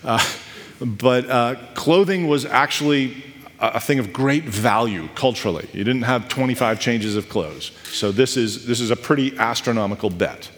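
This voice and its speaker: A man in his thirties preaching a sermon, telling stories in a conversational, animated way with asides. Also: mid-range voice, normal speed. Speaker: pastor. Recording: echoey hall with long reverb.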